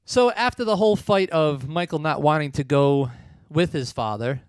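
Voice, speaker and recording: A man with a smooth, slightly high voice hosts a laid-back movie review chat. He retells scenes in a chatty, amused way. The sound is dry and close. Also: normal speed, no echo. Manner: chatty plot retelling with frequent laughs. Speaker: podcast host.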